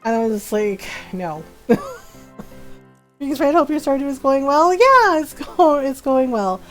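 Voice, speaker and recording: A woman's voice: high voice, expressive, moderate pace, a bit bright, faint music behind. A woman streamer chatting casually while gaming, telling stories with a lot of laughter and acting out what people said. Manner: chatty storyteller, laughs often, acts out quotes.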